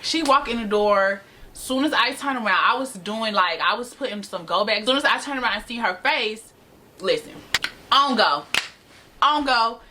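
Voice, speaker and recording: Brief: young woman, high bright voice, animated slangy storyteller, faint background hiss. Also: normal speed. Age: young adult. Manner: animated, slangy, laughs often. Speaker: storytime vlogger. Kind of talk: casual storytime to camera. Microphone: camera mic.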